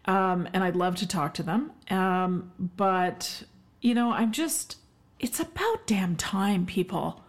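A woman's voice: medium pitch, slow pace. A middle-aged woman from Canada hosting her own podcast solo, talking in an emphatic, effusive way with many ums and uhs. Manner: warm, emphatic, effusive with frequent fillers. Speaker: podcast host, health expert.

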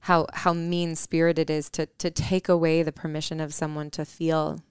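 Low, crisp-voiced woman telling a story. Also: little pitch movement, normal speed, no echo. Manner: earnest, reflective, with frequent fillers and restarts. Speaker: podcast co-host. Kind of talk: personal storytelling.

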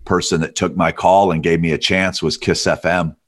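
A middle-aged man from Alabama with a very deep, rich voice that sounds made for radio. He is a guest in an interview, telling long stories in an easy, relaxed way. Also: moderate pace. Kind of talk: storytelling interview.

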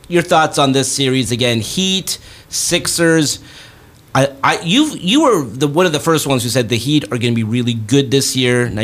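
A man hosting a sports podcast in a chatty style, often stopping to correct himself. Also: mid-range voice. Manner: chatty, self-correcting, animated. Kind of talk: casual sports talk.

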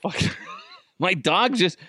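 A middle-aged podcast host delivers a casual storytelling monologue, swearing, laughing, and acting out the voices of the people in his tales. His voice sits high and is animated yet slow, pushed and bright with a husky quality. The studio-quality recording has no echo.

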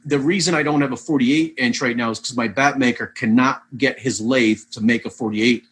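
Speaking briskly in a breathy, mid-range voice, a man who plays vintage baseball spins long, animated stories as an interview guest, rambling and restarting as he goes.

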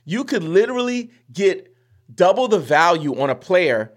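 Casual podcast host, young man, slangy and chatty, voice on the higher side. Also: big pitch swings, normal speed. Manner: chatty, slangy, acts out listeners' reactions. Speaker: fantasy basketball podcast host.

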